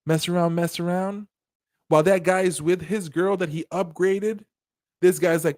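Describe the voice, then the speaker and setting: A man with a notably high voice riffs through casual commentary, animated and profane, breaking into laughter. His voice sits close and dry on the mic, with no room around it. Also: moderate pace, dry recording. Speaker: commentary channel host.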